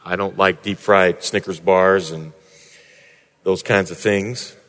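A man preaching a sermon as a pastor, moving from hushed, prayerful passages to raised, emphatic points. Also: low voice, fairly even intonation, slow pace. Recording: long hall reverb.

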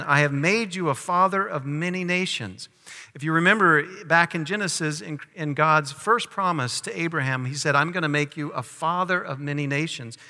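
A man's voice: on the high side, bright, forceful tone. Guy preaching a sermon, reads verses and asks questions, long reverb like a big church. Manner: teaching, reads scripture aloud and asks questions. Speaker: pastor.

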